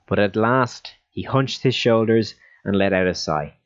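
Low-voiced male storyteller, lo-fi sound. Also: measured pace. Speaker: narrator. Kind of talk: audiobook storytelling. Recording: dull lo-fi recording.

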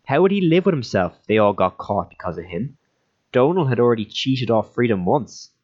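A man narrating a story in a steady audiobook reading style. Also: medium pitch, a little fast, husky. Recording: dull lo-fi recording.

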